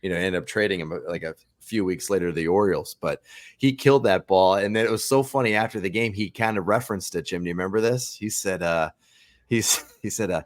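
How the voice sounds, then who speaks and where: Brief: low-pitched male host, upbeat, chatty sports storyteller. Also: animated, fairly quick, bright, forceful tone. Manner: upbeat storyteller, laughs easily. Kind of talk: casual sports talk.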